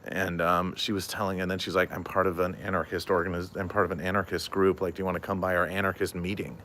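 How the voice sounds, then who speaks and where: A young man with a very low voice talks loosely on his stream, full of "like" and "um". He wanders through a story and stops to answer chat messages. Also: little pitch movement, quick pace, a bit bright, a little hiss or hum. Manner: rambling, many fillers, reads and answers chat. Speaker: comedian streamer. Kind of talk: casual livestream chat.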